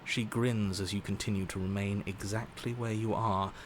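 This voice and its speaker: A steady, matter-of-fact storyteller voiced by a man, narrating dark events in a game with an even, unhurried delivery. His voice sits on the low side. Clear background noise runs under the game audio. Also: natural voice. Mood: calm. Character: calm male storyteller narrating grim events. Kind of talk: scripted narration.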